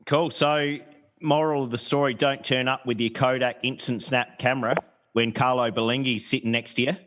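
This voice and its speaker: A man hosting a podcast who asks his questions in a casual, halting way. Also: medium pitch, steady tone, a crowd in the background. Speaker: podcast host. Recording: long echoing reverb.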